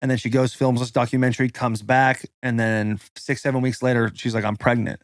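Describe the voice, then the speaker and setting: A man's voice: mid-range voice, level tone, brisk, dry recording, studio quality. A man in his thirties, a podcast host, telling a personal story in a loose, casual way, swearing and saying "like" constantly. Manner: loose and profane, full of "like" fillers.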